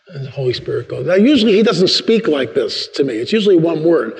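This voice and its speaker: An older man, a guest speaker at a church, delivers a storytelling sermon in the sanctuary. He speaks briskly and acts out dialogue with big jumps in pitch as an animated storyteller. The church hall's long reverb fills the recording.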